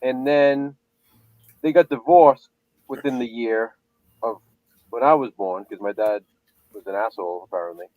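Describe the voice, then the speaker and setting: A man's voice: mid-range voice, moderate pace, pauses often, no room sound, narrow, tinny audio. A man in his thirties chatting casually, telling rambling stories and crude jokes. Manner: crude joking, rambling storyteller. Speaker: podcast co-host. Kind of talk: casual chat.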